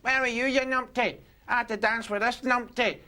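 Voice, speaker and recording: A man with a Scottish accent putting on a higher voice for a brash young woman at a nightclub, scolding her boyfriend. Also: a little slow, bright, forceful tone, heavily acted.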